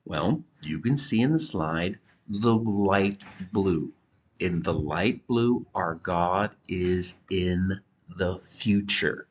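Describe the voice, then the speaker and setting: A man teaching a Bible lesson from slides, explaining deliberately with occasional halting restarts. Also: low voice. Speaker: church teacher. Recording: dull lo-fi recording.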